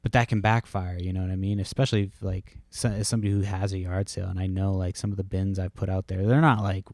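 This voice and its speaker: A man with a fairly low voice rambles through stories on his podcast, casual and laid-back, swearing freely. The sound is dry and close, recorded at home. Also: little pitch movement, fast, a little mellow, no echo. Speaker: podcast host.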